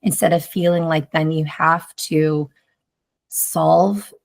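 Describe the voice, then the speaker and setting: Low, gravelly-voiced woman chatting. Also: steady tone, takes it slowly. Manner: rambling, heavy use of "like", reflective. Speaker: podcast guest, mother. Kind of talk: casual conversation.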